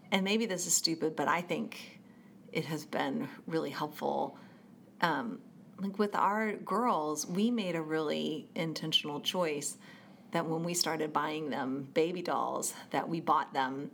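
Speaking with vocal fry in a low register, this woman spins lively stories on a relaxed podcast, performing the voices of the characters she quotes. Her studio microphone picks up a slight hiss or hum.

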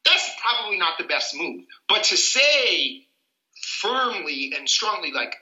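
A man explains legal rights on a podcast with earnest energy, acting out little scenes as he goes. His voice is very bright and sits a little high. The room around him rings with echo. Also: big pitch swings, a little fast. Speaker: civil rights attorney, guest.

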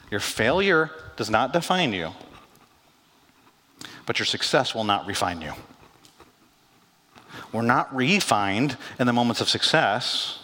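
A man preaching a sermon as pastor, conversational and animated, acting out quoted lines with asides. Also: medium pitch. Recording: long hall reverb.

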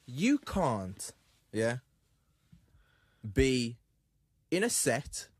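Animated West Midlands man chatting. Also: medium pitch, drawn-out words, husky, no echo. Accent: Black British English. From English West Midlands. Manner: animated, repetitive slang-heavy chat. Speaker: podcast co-host. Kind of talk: casual banter.

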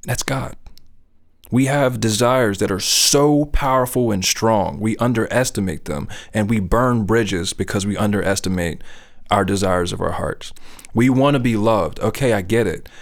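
A man's voice: lowish voice, moderate pace. A middle-aged man speaking about faith in an earnest, conversational way. He keeps checking in with his listener as he talks. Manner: earnest, conversational, often asks "you know what I'm saying?". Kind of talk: casual faith talk.

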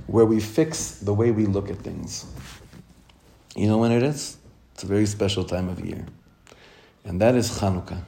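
A man's voice: fairly low pitch, mellow. A man teaching a Torah class for women as a rabbi, heartfelt, questioning his listeners and repeating phrases for emphasis, with Hebrew terms mixed into his English. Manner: asks the listeners questions, then answers them.

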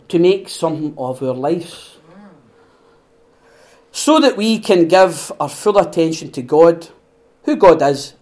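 On a podcast he hosts, a Scottish man with a strikingly high voice preaches in a relaxed, chatty style, as if among friends rather than lecturing. He's animated, laughs easily, and acts out little quoted voices to make his points.

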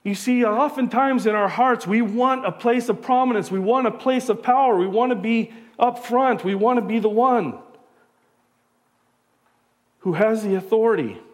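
High-voiced man preaching conversationally. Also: normal speed. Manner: conversational preaching with rhetorical questions. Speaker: pastor. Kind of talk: sermon.

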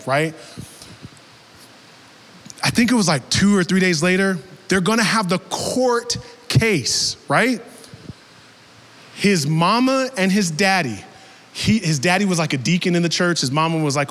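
Young man, preacher, storytelling sermon, high lively voice, long church reverb. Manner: animated storyteller, drops low for quoted voices, rises to shouts.

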